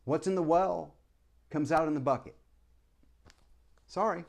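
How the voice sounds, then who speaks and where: In a creaky, slightly high voice and at a somewhat slow pace, a former preacher vlogs a wandering opinion monologue to camera. He stumbles, restarts and apologizes many times, and fires off impassioned rhetorical questions.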